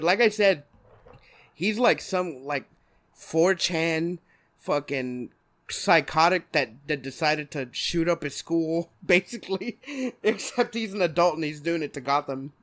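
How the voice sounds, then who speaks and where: A young man chats on a podcast, rambling loosely and swearing often. He laughs a lot, and his voice sits a bit high for a man. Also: a little slow, fairly bright tone. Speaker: podcast host. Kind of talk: casual chat.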